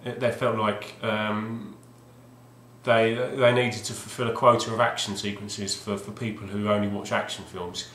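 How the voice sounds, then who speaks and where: A low-ish male voice, a little slow and a bit bright, delivers flat, rambling commentary on his video game finds. He hesitates, makes wry asides, and restarts frequently, all captured in a roomy, echoey home recording.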